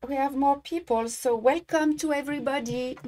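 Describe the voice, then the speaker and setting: A woman from France with a French accent, a native French speaker, teaching embroidery in a live-streamed tutorial and often halting to search for English words. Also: high voice, fairly even intonation, dark tone.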